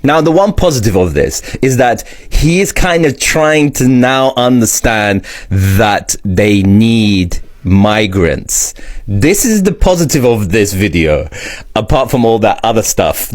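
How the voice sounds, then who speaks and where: A man giving casual, wry commentary in a conversational way. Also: mid-range voice. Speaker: social media commentator.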